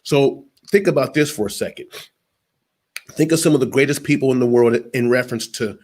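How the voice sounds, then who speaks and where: A man's voice: mid-range voice, brisk, a little mellow. A man who works as a motivational speaker, talking emphatically and speaking straight to the listeners in an interview. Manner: preachy, emphatic, addresses listeners directly.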